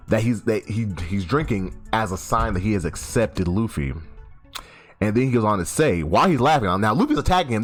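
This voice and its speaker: A man giving a casual, animated comic recap, swearing freely and often restarting his sentences. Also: lowish voice. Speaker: YouTube host. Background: faint background music.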